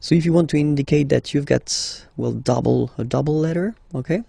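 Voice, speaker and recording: A man's voice: a little high, gravelly, dark tone, slightly rough, no room sound. A man teaching a language lesson, patient and repetitive, checking in with "okay?" after each point. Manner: patient, repeats words slowly and checks with "okay?". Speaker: French teacher.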